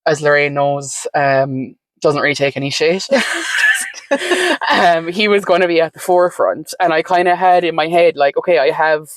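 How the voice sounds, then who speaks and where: A woman's voice: low voice, moderate pace, hardly any pauses, dry recording. Frank, chatty woman, dry sound. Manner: frank and chatty, many fillers, mild swearing. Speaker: podcast guest. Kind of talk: candid personal interview.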